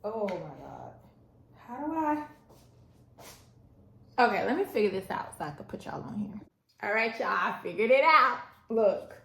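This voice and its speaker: A woman chatting excitedly to her viewers while setting things up at home, talking herself through each step. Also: mid-range voice, normal speed, vocal fry, long pauses. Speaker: small business owner and stay-at-home mom. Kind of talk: casual vlog chat. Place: at home, indoors. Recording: roomy echo, faint background noise.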